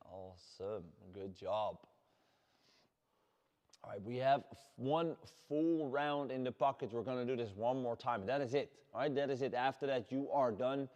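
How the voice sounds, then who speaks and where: A man with a Dutch accent leading a workout class as fitness coach, shouting energetic encouragement. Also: medium pitch, moderate pace, lo-fi sound. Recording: long hall reverb.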